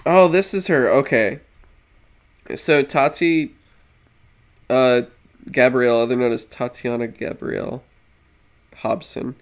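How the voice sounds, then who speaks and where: A man's voice: medium pitch, a little slow, long pauses. A young man co-hosting a casual podcast, rambling, swearing and laughing as he goes. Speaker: podcast co-host. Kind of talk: casual chat.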